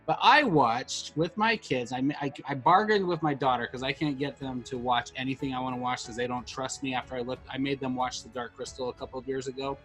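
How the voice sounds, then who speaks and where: A man's voice: medium pitch, steady tone, a little fast, hardly any pauses, fairly bright tone, soft background music. A middle-aged man co-hosting a podcast, rambling and getting emotional in casual chat, full of restarts. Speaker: podcast co-host.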